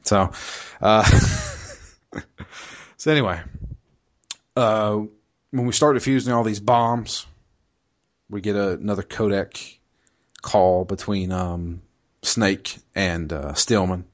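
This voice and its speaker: Low-voiced man casually retelling a game. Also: slow, long pauses. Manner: rambling, swears freely, laughs often. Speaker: podcast co-host recapping a game. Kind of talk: casual storytelling chat.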